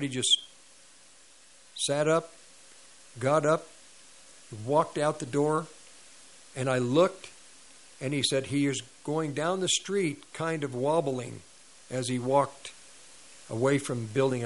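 A man's voice: medium pitch, steady tone, slow pace, long pauses, poor audio. Man telling a sermon story. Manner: retells a story with quoted dialogue and sound effects. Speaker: preacher.

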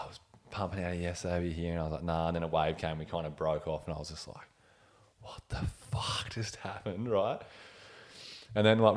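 A man in his thirties with an Australian accent, telling a story in a relaxed, slangy way and laughing often as a podcast guest. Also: low-pitched. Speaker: guest, former pro surfer. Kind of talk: casual storytelling.

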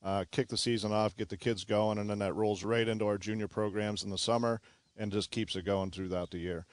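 A man's voice: on the low side, steady tone, fairly quick, no room sound. A man, a club golf pro explaining his junior program as a radio guest, with many fillers. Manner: friendly, filler-heavy explanations.

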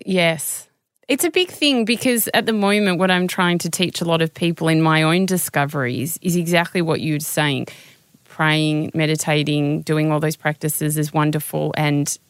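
A woman's voice: low voice, no echo. A woman podcast host who talks in an encouraging way, often giving short affirmations. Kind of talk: interview conversation.

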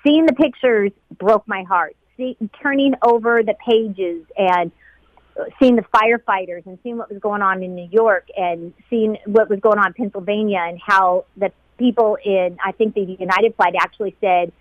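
A woman's voice: mid-range voice, moderate pace, no room sound. Middle-aged woman telling her story, heartfelt, dry and kinda muffled. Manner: heartfelt, quotes others in lively voices. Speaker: flight attendant guest. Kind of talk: emotional interview recollection.

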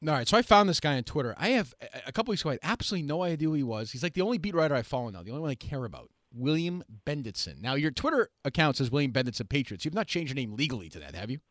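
A man hosting a sports radio show, loud and jokey, swinging between shouted bits and low asides. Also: very animated, rapid-fire, few pauses, dry recording, clean studio sound. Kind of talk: brash comedic radio banter.

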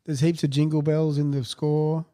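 A man, co-hosting a casual movie chat and making dry, deadpan jokes. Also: on the high side, normal speed. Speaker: podcast co-host.

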